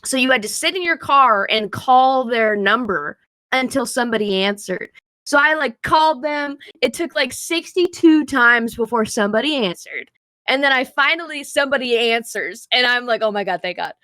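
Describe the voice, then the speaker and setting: A young woman co-hosting a podcast, telling a long story in a rambling, filler-heavy, animated way. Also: sits high, moderate pace, dry recording. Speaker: podcast co-host. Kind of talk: casual storytelling chat.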